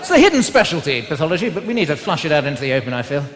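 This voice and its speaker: A man's voice: a little high, big pitch swings, rapid-fire, fairly bright tone. A man doing stand-up comedy to a live audience, chatting and teasing the crowd with tag questions. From England, West Country. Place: large live theatre with an audience. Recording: live hall recording with crowd. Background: audience laughter.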